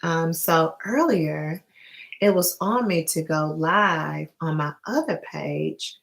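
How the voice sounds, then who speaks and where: Low-voiced woman chatting with viewers. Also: creaky. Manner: loose and conversational, often addressing viewers as y'all. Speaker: spiritual vlogger and dream interpreter. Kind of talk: casual talk to camera.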